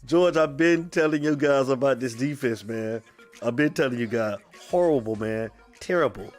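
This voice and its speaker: Sick-sounding fan-show host, animated. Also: male voice, medium pitch, faint music behind. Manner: drawn-out greetings, animated, calls out commenters by name. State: a little sick, under the weather. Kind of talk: casual live-stream chat, greeting viewers.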